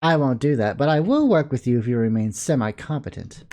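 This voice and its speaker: A man's voice: mid-range voice, expressive, fairly quick, dark tone, close to an everyday voice. A man doing a curt, superior girl. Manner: curt and dismissive.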